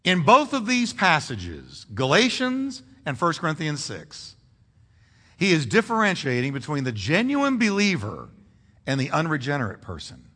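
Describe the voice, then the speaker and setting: A man preaching a sermon as pastor, animated, drawing call-and-response from the congregation. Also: a little high, normal speed. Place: church sanctuary. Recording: reverberant church hall.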